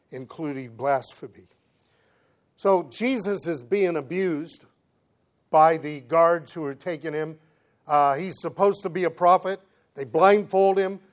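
A man preaching, reading scripture aloud and explaining it in plain conversational words, swinging between emphatic lines and quiet asides. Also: a little high. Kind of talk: Bible teaching sermon.

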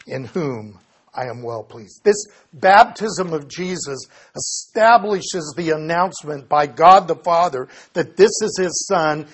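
A man's voice: a little high, breathy edge. A man teaching a Bible study lesson, reading scripture passages aloud and explaining them plainly, often correcting himself as he goes.

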